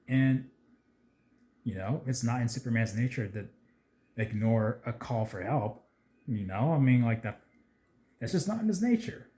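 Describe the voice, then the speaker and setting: A man chatting casually about a movie trailer, rambling with lots of fillers and getting excitable at times. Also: mid-range voice, normal speed, pauses often. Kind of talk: casual video commentary.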